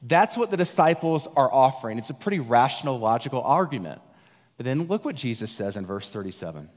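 A man's voice: mid-range voice, big pitch swings, a little fast, long reverb tail. A man preaching as a guest, in a conversational and jokey way, acting out the disciples' lines. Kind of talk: sermon.

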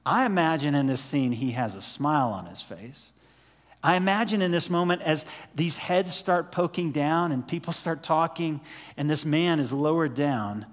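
A pastor preaches in a conversational way, his voice a little high and carrying the sound of a big room. He asks his listeners questions and drops to a near-whisper for emphasis.

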